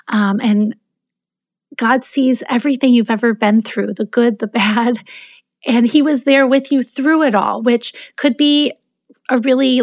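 A woman hosting a faith podcast, talking earnestly with many pauses and fillers. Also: on the high side, no room sound, studio quality. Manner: earnest, many ums, gets emotional. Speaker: podcast host.

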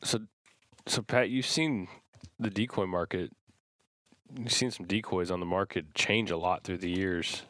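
A man with a low voice works as co-host in a casual interview. He puts his questions to the guest plainly. The sound is dry. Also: steady tone, a little slow, a bit bright, no echo.

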